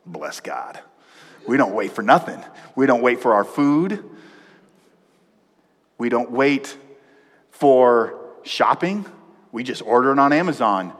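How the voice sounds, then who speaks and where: A man preaching a sermon as pastor, animated, swinging from loud emphasis to hushed, quiet passages. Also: mid-range voice, measured pace, long pauses. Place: church sanctuary. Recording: long hall reverb.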